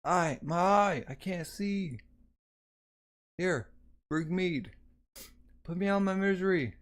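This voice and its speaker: A man doing dying soldiers, male, pained pleading cries, pitched up high, slow and drawn out. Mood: agonized.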